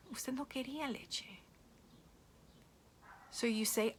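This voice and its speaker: A woman teaching young children, switching between English and Spanish in an animated, playful way. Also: fairly high pitch, measured pace, long pauses. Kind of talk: bilingual read-aloud lesson for children.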